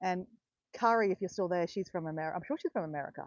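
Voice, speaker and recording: A woman's voice: on the low side, fast talker, no echo. Australian woman, live-stream host, chatty, greets viewers by name, dry close sound, slightly dull. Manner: chatty, addresses viewers by name, bursts of excited cheering. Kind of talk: chatty livestream talk to viewers.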